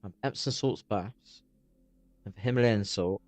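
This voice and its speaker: A man's voice: fairly low pitch, normal speed, a little mellow, no echo, soft background music. A man chatting loosely on a live stream while watching videos, swearing freely as he rambles.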